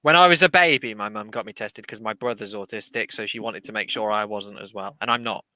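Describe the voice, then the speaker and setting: A young man bantering on a livestream, loud, teasing and excitable. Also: fairly low pitch, fairly quick.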